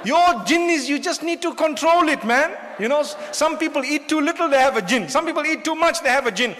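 A man gives a lively sermon, his voice sitting unusually high for a man. He teases the listeners, asks them questions and mimics everyday people. The sound lingers in a long echo that fills a large hall. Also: fairly quick. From southern Africa. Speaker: Islamic preacher. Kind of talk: lecture-style sermon to a live audience.

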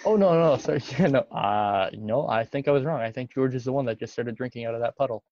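A man's voice: mid-range voice, fast, a little mellow, no room sound. Hesitant man on a dull lo-fi call. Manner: hesitant, self-correcting. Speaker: podcast co-host. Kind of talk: casual chat. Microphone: video call.

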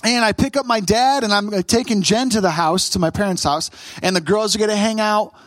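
A man's voice: high voice, fairly quick, no room sound. A man in his thirties preaching a sermon, conversational and humorous as he tells a family story. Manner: conversational, humorous storytelling with animated quoted voices. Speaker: pastor.

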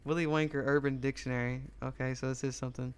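A man's voice: medium pitch, little pitch movement, fast, over a noisy crowd. A young man co-hosting a casual podcast, rambling through crude stories with a lot of "like" and frequent laughing. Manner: rambling storytelling, lots of "like", bursts of laughter. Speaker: podcast co-host.

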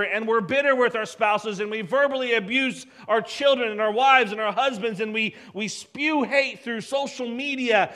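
A man with a high voice preaching a sermon. He is emphatic, and he often sinks his voice low and quiet to drive a point home. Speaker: pastor.

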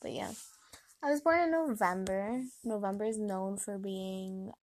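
A young American woman rambles through a casual vlog at a quick clip, piling on fillers and restarts. Her voice sits at a middle pitch, chatty and a little nosy in tone. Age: young adult. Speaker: vlogger.

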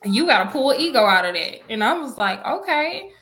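A woman's voice: medium pitch, lively intonation, a little fast, fairly bright tone, poor audio. A woman, telling parenting stories in a casual panel talk and acting out the dialogue. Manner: emphatic storytelling, acts out dialogue.

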